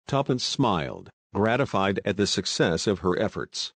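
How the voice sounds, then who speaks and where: A man narrating an audiobook in a steady, even storytelling way. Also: fairly low pitch, normal speed, dry recording.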